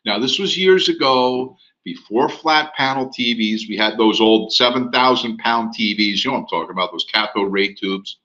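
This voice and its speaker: A man's voice: on the low side, normal speed, few pauses, muffled recording. A man telling a real estate anecdote in a lecture, acting out the dialogue as he goes. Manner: animated anecdotal, acts out dialogue. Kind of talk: storytelling lecture.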